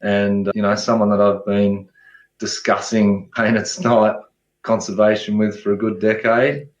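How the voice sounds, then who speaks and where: A man, answering interview questions in a relaxed way, often restarting his sentences. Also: lowish voice, measured pace. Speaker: guest ecologist. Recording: echoey, dull remote audio.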